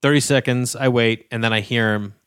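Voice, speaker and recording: A man's voice: medium pitch, brisk, clean tone, dry recording, clean studio sound. A male comedian telling a long anecdote on a podcast, casually, acting out every voice in the story. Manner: animated, acts out every voice in the story. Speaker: guest comedian.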